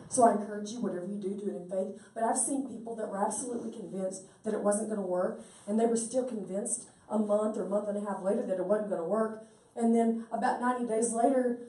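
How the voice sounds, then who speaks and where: Woman storyteller, folksy and chatty, mellow tone, picked up from across a roomy space. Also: medium pitch. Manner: folksy, chatty, quotes people in dialogue. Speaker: speaker promoting stem cell treatment. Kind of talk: animated storytelling talk. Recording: roomy sound from a distant mic.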